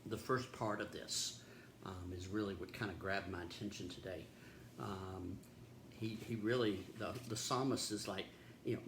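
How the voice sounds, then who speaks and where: A man's voice: on the low side, steady tone, moderate pace, fairly bright tone. A man serving as pastor, reading scripture and giving a reflective, earnest devotional talk. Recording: roomy echo with faint background noise.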